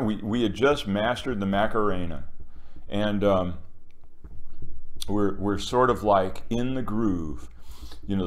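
An older man giving a rambling solo monologue, sarcastic and theatrical, often jumping into loud mocking quotes. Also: on the low side. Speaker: commentator.

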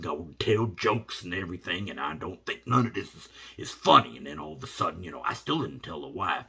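A middle-aged man, telling a rambling comic story in a folksy, animated way. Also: low-pitched, gravelly, breathy edge. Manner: animated, rambling, drops to hushed asides.

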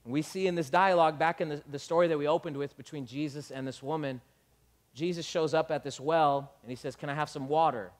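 A man preaching a sermon as pastor, animated, acting out dialogue and building up to shouts. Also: a little high, fairly quick.

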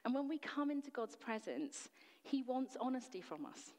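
A woman's voice: high-pitched, sing-song, moderate pace, a little mellow. Woman preaching a sermon in a reverberant church. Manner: earnest, emphatic, rhetorical questions.

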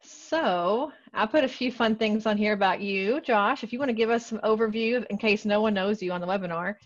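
A woman's voice: mid-range voice, brisk. Bubbly woman host, muffled call audio. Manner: bubbly and upbeat, with casual slang. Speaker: webinar host. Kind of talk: casual webinar hosting.

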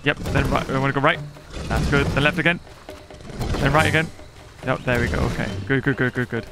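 A man's voice: medium pitch, steady tone, brisk, vocal fry. A man giving casual, chatty commentary while playing a survival game, giggling and talking to the animals on screen. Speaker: gaming YouTuber. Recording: game music behind the voice.

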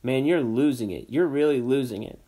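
A man's voice: medium pitch, normal speed, dark tone, natural voice. A man reading aloud, voicing a frantic teenage boy on the phone whose voice jumps upward in panic. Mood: panicked.

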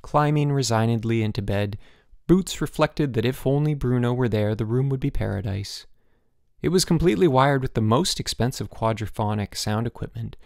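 A man reading a children's novel aloud as an audiobook narrator, steady and clear. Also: mid-range voice, no room sound, studio quality. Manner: steady storytelling with voiced dialogue. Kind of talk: scripted narration.

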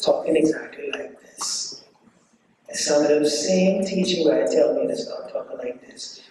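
A man giving an impassioned debate speech as guest speaker, driving his points home with repeated rhetorical questions and drawn-out stresses. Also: on the high side, very noisy. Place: debate hall. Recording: echoey hall from far off.

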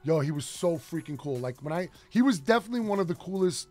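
A man's voice: a little high, animated, fast talker, a little mellow, faint music behind. A man co-hosting a radio show, telling stories in loose, profane casual banter. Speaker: co-host.

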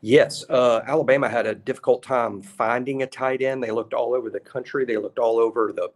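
A man co-hosting a casual sports podcast, explaining things in a measured way with dry humor. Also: medium pitch, steady tone. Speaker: podcast co-host.

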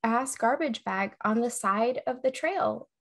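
A woman's voice: fairly high pitch, unhurried, creaky. A woman co-hosting a casual podcast, telling a scary story with suspense, swearing freely and breaking into giggles. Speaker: podcast co-host.

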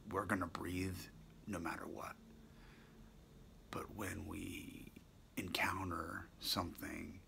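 A deep-voiced man talks through a reflective monologue for his daily video blog. His voice is very gravelly yet bright and forceful, dropping often into a soft half-whisper as he muses with pauses and corrects himself. A faint noise sits under the recording.

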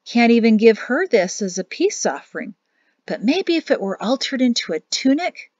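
A woman's voice: a little high, very animated, normal speed, darkish tone, no echo, voice pushed up. A woman reading a plainspoken male staff sergeant with a practical manner. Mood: worried. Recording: dull dry home recording.

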